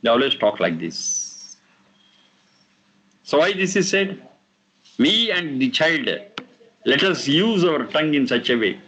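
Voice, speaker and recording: A man teaching a class on scripture, explaining verses slowly and repeating the recited lines. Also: a little high, big pitch swings, fairly bright tone, slight background noise. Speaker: teacher of Vedic texts.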